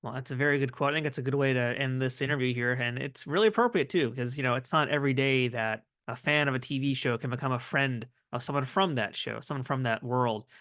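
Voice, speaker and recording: A man's voice: medium pitch, quick pace, hardly any pauses, fairly bright tone, no echo, clean studio sound. A man hosting a podcast, closing an interview and reading the show outro in a friendly way. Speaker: podcast host.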